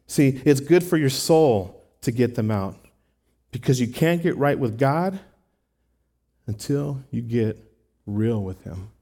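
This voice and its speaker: A man's voice: mid-range voice, mellow. A man preaching a sermon in an earnest, conversational way, talking to the congregation with rhetorical asides. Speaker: pastor.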